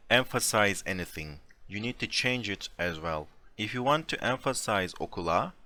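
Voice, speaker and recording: A man with a low, bright voice teaches a class online, taking his time and adding casual fillers as he explains. The sound is dry and close, like a computer mic in a voice chat. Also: no room sound. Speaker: Turkish language teacher. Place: home room, over a voice chat.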